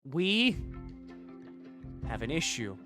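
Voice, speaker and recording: A man's voice: on the high side, very animated, slow pace, pushed and bright, soft background music. A man streaming a colony game live, chatting casually with his viewers, answering their questions and swearing freely. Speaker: gaming streamer.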